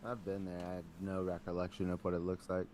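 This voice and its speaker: Low-voiced co-host with dry quips. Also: male voice, completely flat delivery, fast, a little mellow, slight background noise. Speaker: podcast co-host. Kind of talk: casual chat.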